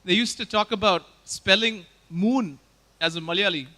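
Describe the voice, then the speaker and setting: A man's voice: sits high, normal speed, bright, forceful tone. A man from Bangalore, hosting a conference with casual joking stage banter and teasing the audience. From Bangalore, India. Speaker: conference host.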